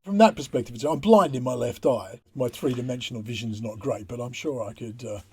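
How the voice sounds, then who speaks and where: Man, podcast co-host, husky voice, wry matter-of-fact chat. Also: mid-range voice, brisk. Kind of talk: casual chat.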